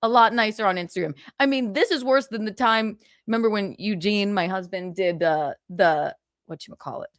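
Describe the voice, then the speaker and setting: A woman's voice: mid-range voice, normal speed, no echo, studio quality. A young adult woman hosting a casual livestream, chatting and giggling, swearing freely while she reads comments. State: tearful, choked up. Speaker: livestream host.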